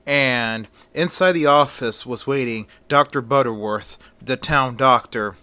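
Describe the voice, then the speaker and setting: A man's voice: mid-range voice, pushed and bright, no echo. A man retelling a classic horror story aloud, unscripted with fillers, lightly voicing each character.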